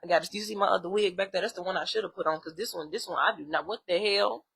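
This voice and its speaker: Bright-voiced woman ranting bluntly. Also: lowish voice, very fast, vocal fry, slightly rough. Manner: blunt, heavy swearing, animated and exasperated. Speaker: spiritual vlogger. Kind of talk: profane ranting monologue.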